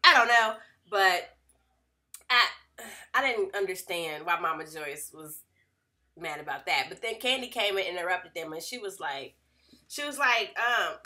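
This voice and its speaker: A young woman casually recapping a reality TV episode in a chatty, gossipy, animated way. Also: on the low side, unhurried.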